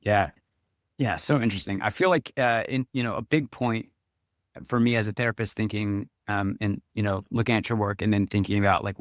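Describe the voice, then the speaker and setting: A man's voice: on the low side, no room sound, studio quality. A man hosting an interview as a speech therapist, asking curious questions in an agreeable, hedging way. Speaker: podcast host, speech therapist. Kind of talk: interview conversation.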